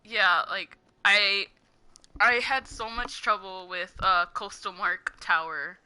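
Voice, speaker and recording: A young woman with a very bright, sharp voice talks casually while she plays a game. She rambles and rants, laughs often, and says "like" constantly. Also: medium pitch, steady tone, slow pace, clean tone. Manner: giggly, heavy use of "like", ranting. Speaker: gaming streamer. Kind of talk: casual gameplay commentary, rambling.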